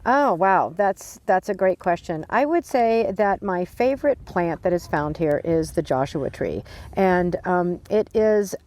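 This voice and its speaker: A woman's voice: fairly low pitch, expressive, a little slow, darkish tone. A woman answering interview questions outdoors in the desert, speaking with open affection and enthusiasm for the plants and animals there. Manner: affectionate, enthusiastic about nature. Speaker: guide and desert expert. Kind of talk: casual field interview.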